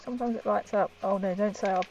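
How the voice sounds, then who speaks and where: A woman's voice: mid-range voice, steady tone, fast. A woman chatting and giggling to her viewers as she paints miniatures on a live stream, her voice muffled by a helmet she is wearing. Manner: giggly, chatty, talks to viewers while working. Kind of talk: casual live-stream chat. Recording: dull lo-fi stream audio with faint music.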